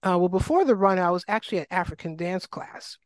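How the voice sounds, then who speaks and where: A middle-aged woman from New York speaks as an interview guest, recounting her life in an animated, conversational way. She slips into little voices for the people she quotes and leans on plenty of ums and likes. The sound is dry and close, with no room around it. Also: on the low side, fairly quick, no echo. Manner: animated, acts out quoted voices, frequent fillers. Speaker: guest, wellness coach. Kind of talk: casual interview storytelling.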